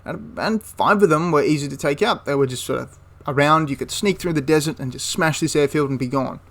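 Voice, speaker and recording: A man's voice: a little high, a little fast, a bit bright. A man casually retelling a wartime story for a history channel, rambling with frequent restarts and asides.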